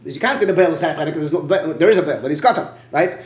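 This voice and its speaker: A man's voice: on the high side, rapid-fire, reverberant. A man teaching a Talmud lesson. He stops and starts, repeats words and often asks "right?".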